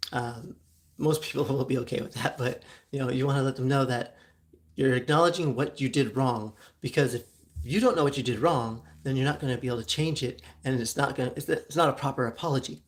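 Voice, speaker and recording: A woman from Southern California hosting a casual solo talk, chatty and full of ums with frequent giggles, her voice phlegmy with throat-clearing. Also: a bass voice. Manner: chatty, many ums and likes, giggles often. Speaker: show host.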